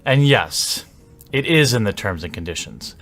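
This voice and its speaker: A man speaking a monologue to camera, laying out his argument in a measured way with rising endings. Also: lowish voice, lively intonation, fairly bright tone, soft background music. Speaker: commentator in a played video.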